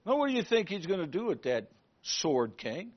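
A man preaching a sermon, retelling a story in an animated way and asking the congregation questions. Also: high voice, normal speed. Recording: muffled lo-fi recording.

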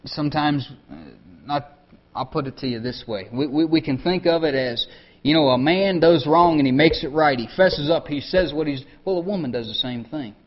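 A preacher with a fairly high voice, talking to his congregation in a plain, conversational way. He often drops to a softer tone to press a point home. The recording sounds dull and lo-fi. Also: normal speed. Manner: conversational, drops to soft tones for emphasis. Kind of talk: sermon.

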